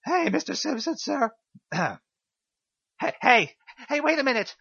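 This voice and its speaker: A woman's voice: high-pitched, big pitch swings, unhurried, a bit bright, slightly rough, no echo, voice pushed up, full character voice. A woman voicing a frightened, panicky male prison inmate who stammers and protests, recorded on a dull lo-fi home mic.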